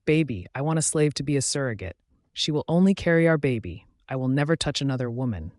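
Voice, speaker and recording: A man's voice: mid-range voice, animated, quick pace, a little mellow, no room sound, clean studio sound, natural voice. A man voicing a stern young werewolf alpha who gives orders in an audiobook romance. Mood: tender.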